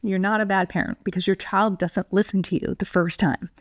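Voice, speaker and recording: A woman parenting educator giving a calm, clear, scripted lesson to parents. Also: medium pitch, brisk, no echo, clean studio sound. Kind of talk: scripted teaching monologue.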